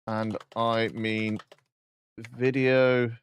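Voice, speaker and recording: A man chatting casually on a live stream while coding, joking, swearing and dictating instructions slowly. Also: medium pitch, little pitch movement, clean tone.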